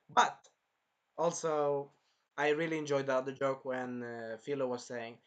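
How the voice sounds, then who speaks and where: Excitable man with a bright voice. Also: medium pitch, moderate pace. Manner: excitable, rambling, swears often. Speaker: anime reviewer. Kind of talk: casual video review.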